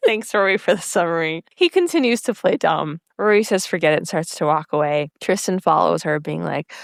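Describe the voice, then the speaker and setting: A woman's voice: lowish voice, animated, fairly quick, gravelly, hardly any pauses, no room sound, clean studio sound. A young woman co-hosting a podcast, casually recapping scenes, acting out the characters' lines and laughing often. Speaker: podcast co-host.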